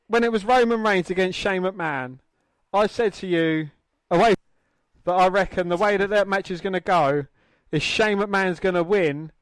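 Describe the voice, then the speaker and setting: A man's voice: sits high, smooth, no room sound. A man co-hosting a podcast, calling wrestling moves in a blunt, crude, casual way. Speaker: podcast co-host. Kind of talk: casual wrestling commentary chat.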